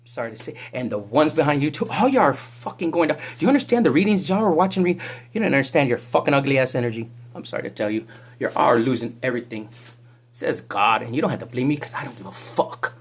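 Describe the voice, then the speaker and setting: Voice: mid-range voice, animated, fast talker, a little hiss or hum. A psychic reader doing a casual spiritual reading vlog, talking in a profane, confrontational and rambling way.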